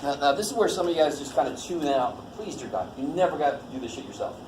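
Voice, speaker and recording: Talking fast in a fairly high pitch, this man runs a college math lesson in a loose, joking style. He throws in mild swearing and questions the students as he goes, in an echoey room with a little noise.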